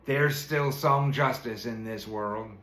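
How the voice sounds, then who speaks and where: A man's voice: mid-range voice, takes it slowly, fairly bright tone. A man voicing a stubborn, indignant farmer in a storybook reading. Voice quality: grumbling, indignant. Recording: roomy echo.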